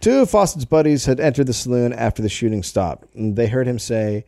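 Mellow-voiced man reading a comic history tale. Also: medium pitch, fairly quick, gravelly, few pauses, no echo, studio quality. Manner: reads the story aloud with jokey asides and laughs. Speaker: podcast co-host telling the story. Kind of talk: comedic history storytelling.

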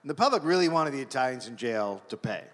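A man co-hosting a live comedy podcast, reading a history story deadpan from his notes. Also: medium pitch, fast talker. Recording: live venue with hall reverb.

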